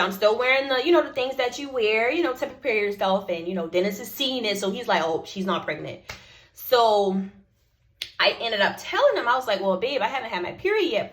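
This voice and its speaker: A young woman, telling a personal story to her viewers and acting out both sides of the conversations. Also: medium pitch. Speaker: vlogger. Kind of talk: casual storytelling to camera.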